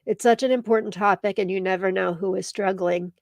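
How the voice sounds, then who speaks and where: A woman's voice: mid-range voice, steady tone, brisk, gravelly, no room sound, clean studio sound. Teary woman hosting a live stream. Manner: emotional, reading viewer comments aloud. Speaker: live show host. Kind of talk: casual live-stream chat.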